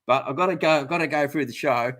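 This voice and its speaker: A man's voice: a little high, fast, fairly bright tone. A middle-aged Australian man hosting a casual live stream, chatty and rambling, laughing often. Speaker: gardening channel host.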